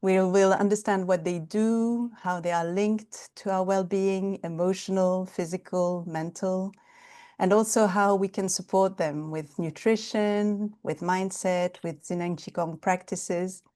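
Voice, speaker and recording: A woman teaching an online qigong class over a video call, explaining things gently and calmly with some hesitant fillers. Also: mid-range voice, measured pace, clean tone. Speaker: Chinese medicine therapist and qigong instructor.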